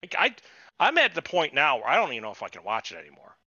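A man's voice: fairly high pitch, huge pitch swings, fast talker, bright, forceful tone, dry recording. A man hosting a podcast, chatting casually and ranting with lots of swearing. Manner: profane, ranting, mocks people with put-on quotes. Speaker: podcast host. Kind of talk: casual chat reviewing a TV show. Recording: dull lo-fi podcast audio.

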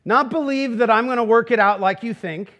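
A pastor preaching a sermon, dropping soft and low for quoted words, then rising high and excited with rhetorical questions, laughing at his own jokes. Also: fairly quick, lo-fi sound.

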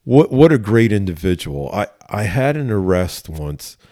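A man's voice: fairly low pitch, very animated, moderate pace, warm tone, no echo, studio quality. A man, a police officer, telling an anecdote in a casual interview, with fillers and laughter. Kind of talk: casual storytelling.

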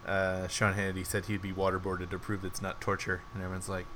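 A man's voice: low voice, completely flat delivery, fast, background noise. A man co-hosting a casual review podcast, rambling with lots of "like"s and laughing often. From United States. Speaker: podcast co-host.

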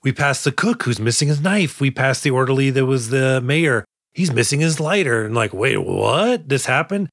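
A man's voice: medium pitch, normal speed, fairly bright tone, no room sound. Rambling male podcast co-host, dry sound. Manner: rambling, acts out movie quotes with lots of fillers and swearing. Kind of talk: casual movie-discussion chat.

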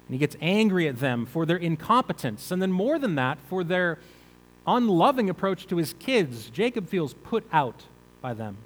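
A man's voice: on the high side, sing-song, normal speed, long reverb tail, rough recording. A male pastor preaching a conversational sermon, asking the listeners rhetorical questions.

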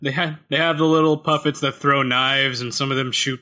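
A man's voice: mid-range voice, steady tone, fairly quick, sharp tone. A man co-hosting a casual game review podcast, joking and laughing often, talking into a headset mic. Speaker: podcast co-host.

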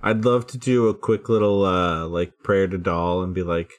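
A man's voice: deep voice, moderate pace, hardly any pauses. A man playing in a casual tabletop game, joking and chatting loosely. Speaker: player. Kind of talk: casual chat and in-character play.

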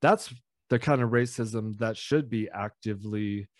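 A man's voice: on the low side, unhurried, no room sound, studio quality. A man in casual chat, rambling with restarts and getting heated, swearing.

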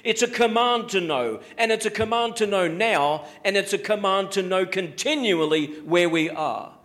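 A man preaching with a fairly high voice. He presses his points hard, repeats key phrases and slows right down when he quotes scripture. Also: a bit bright. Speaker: pastor. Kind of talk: sermon.

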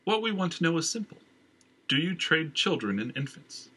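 Man voicing young male adventurer, earnest, blunt, lively pitch, storybook reading. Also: normal speed, a little hiss or hum.

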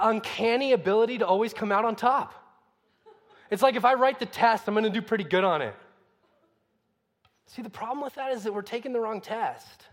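High-voiced preacher in an echoing hall. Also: male voice. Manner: conversational preaching, rhetorical questions. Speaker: pastor. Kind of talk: sermon.

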